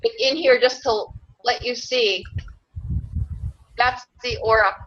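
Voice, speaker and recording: A woman's voice: on the high side, fairly even intonation, takes it slowly, a bit bright. Rambling earnest woman, lo-fi sound. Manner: rambling, earnest, laughs often. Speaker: interviewee, self-described clan mother. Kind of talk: casual interview talk. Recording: dull lo-fi sound.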